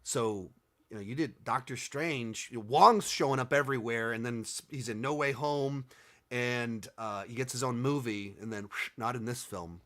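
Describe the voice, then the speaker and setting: A man's voice: medium pitch, moderate pace, a bit bright. A man hosting a casual commentary video, answering viewer questions, rambling and thinking aloud with many restarts and sarcastic stretches.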